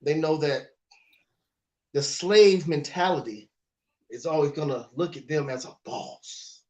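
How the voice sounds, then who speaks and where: A man co-hosting a casual talk show, with a high-pitched speaking voice. He talks in a preachy, lecturing way. He likes to mock people by putting on their voices. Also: unhurried, a little mellow. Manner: preachy, mocking, acts out voices. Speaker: podcast co-host. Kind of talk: casual chat.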